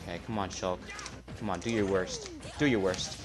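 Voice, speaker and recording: A man giving live gameplay commentary, trash-talking the opponent and muttering between loud outbursts. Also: low voice, steady tone, normal speed. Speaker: gamer. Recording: loud game music behind voice. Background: fighting game music and effects.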